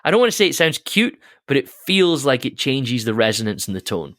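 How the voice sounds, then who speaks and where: A man co-hosting a podcast, talking through a Bible passage with a friend. He is thoughtful and halting, often restarting his sentences and breaking into small laughs. His voice is recorded close and dry, in a mid pitch. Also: very animated, fairly bright tone, dry recording. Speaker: podcast co-host. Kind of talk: casual theological discussion.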